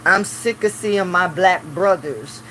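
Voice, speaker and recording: A man's voice: high-pitched, takes it slowly, slight background noise, rough recording. Man chatting casually on a live stream. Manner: talks in loose run-on phrases, many "you know" fillers; grows loud and preaching when riled. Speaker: livestreamer. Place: small office room at work.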